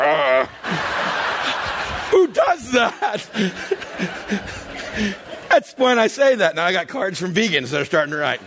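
A middle-aged man preaching a comedic sermon in a church, animated storytelling that acts out characters and often shouts and laughs. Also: sits high, measured pace, long pauses, background noise. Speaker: pastor.

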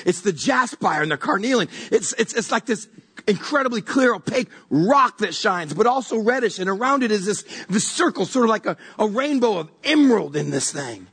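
With a husky voice that sits high, a pastor gives a conversational sermon, animated and stumbling over repeated words as he reaches for images.

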